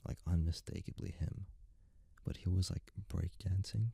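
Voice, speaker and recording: A young man rambling in a soft-spoken ASMR style, close to the mic, filling his talk with "like". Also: sits low, fairly even intonation, moderate pace, creaky, breathy edge, dry recording. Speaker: ASMR creator.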